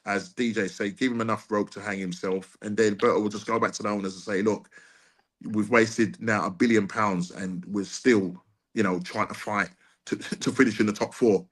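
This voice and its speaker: A man's voice: fairly low pitch, fairly even intonation, moderate pace. A man venting frustration on a live football fan show, with many restarts and repeats. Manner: frustrated, repetitive, restarts often. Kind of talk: casual live-stream chat.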